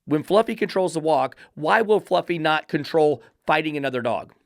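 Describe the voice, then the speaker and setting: A man's voice: a little high, lively intonation, moderate pace, creaky, no echo, clean studio sound. A man who trains dogs and hosts a podcast, ranting in a blunt, profane, emphatic monologue. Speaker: dog trainer and podcast host.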